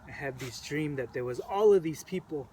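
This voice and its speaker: A man recounting events to the camera in an earnest, halting way, repeating phrases, his voice emotional and choked up. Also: on the high side, lively intonation, darkish tone. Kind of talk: personal storytelling to camera. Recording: distant mic with faint background noise.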